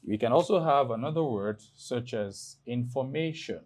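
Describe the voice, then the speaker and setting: A man from Nigeria teaching an exam prep English lesson, explaining slowly and spelling words out letter by letter. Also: medium pitch, lively intonation, darkish tone. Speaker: English tutor.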